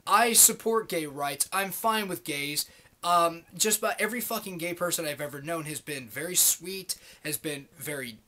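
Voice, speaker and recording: A man's voice: on the high side, normal speed, sharp tone. A man in his late twenties giving a profane, rambling, heated monologue to the camera as a vlogger. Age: late 20s.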